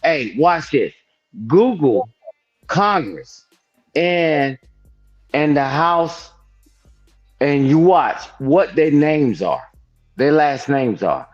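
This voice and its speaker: Older man, emphatic panelist, animated delivery, lo-fi stream sound. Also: a little high. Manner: emphatic, repeats "I'm telling you", preachy. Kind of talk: heated panel discussion.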